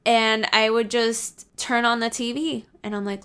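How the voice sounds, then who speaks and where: A woman's voice: on the high side, steady tone, measured pace, fairly bright tone, clean tone. A young adult woman vlogger giving casual, candid life advice to her viewers, confiding and swearing freely.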